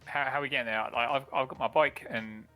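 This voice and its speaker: A man's voice: mid-range voice, steady tone, fast, bright, forceful tone, faint music behind. A man playing a tabletop game, easygoing, stammering as he starts sentences. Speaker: player. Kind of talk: tabletop role-play.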